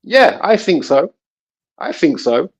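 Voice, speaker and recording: A man's voice: sits high, slow pace. Rambling man. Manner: animated, rambling storytelling with frequent "you know what I'm saying". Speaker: guest. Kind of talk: casual panel talk. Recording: dull lo-fi sound.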